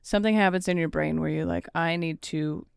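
A woman's voice: low voice, fairly even intonation, brisk, creaky, clear, resonant tone, no echo, clean studio sound. A woman in her thirties, a podcast guest chatting casually and telling stories, acting out quotes as she goes. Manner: chatty storyteller, acts out quotes. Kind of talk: casual chat.

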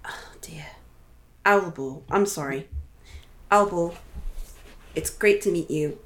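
A woman playing a tabletop game, chatty and quick to apologize. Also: fairly low pitch. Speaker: player.

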